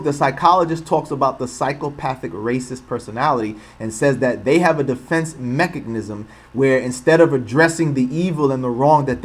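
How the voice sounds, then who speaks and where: A man hosting an online livestream, talking in an impassioned, rhetorical way and repeating points for emphasis. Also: mid-range voice. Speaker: channel host. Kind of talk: livestream commentary.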